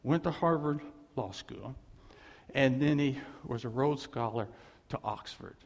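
A man preaching in a storytelling sermon style, animated and laughing as he acts out what others said to him. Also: mid-range voice, a little slow. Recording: long hall reverb.

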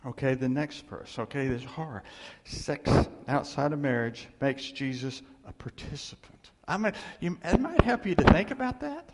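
A man preaching a sermon as pastor, animated and full of rhetorical questions, sometimes acting out God's voice. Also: fairly high pitch, moderate pace. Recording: long hall reverb.

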